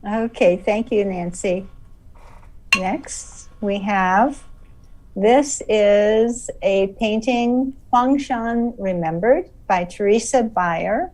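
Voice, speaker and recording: Slow-speaking woman hosting an awards stream. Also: medium pitch, a little mellow, distant mic, low-quality recording. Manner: measured, checks name pronunciations. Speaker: host. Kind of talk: announcing award winners on a livestream.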